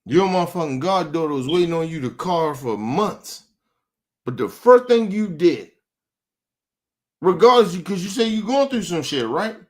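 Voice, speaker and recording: A man's voice: high-pitched, lively intonation, normal speed. Angry man ranting in street slang. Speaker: podcast host. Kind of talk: heated rant to camera.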